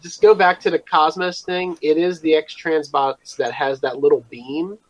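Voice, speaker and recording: A man's voice: on the high side, fairly even intonation, normal speed. A man co-hosting a podcast in casual chat, rambling, self-deprecating and trailing off mid-thought. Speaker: podcast co-host. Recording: dull, dry lo-fi mic.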